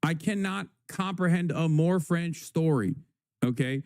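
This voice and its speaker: A male livestream host in casual news commentary, rambling and sarcastic with crude asides. His voice sits slightly high yet warm. The sound is close and dry. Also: unhurried, no echo.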